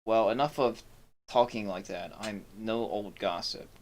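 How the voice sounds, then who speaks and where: A man voicing a gruff, weary middle-aged male city sheriff in a fantasy game, reading the lines stiffly and stumbling over words. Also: lowish voice, a little slow, slight background noise, natural voice.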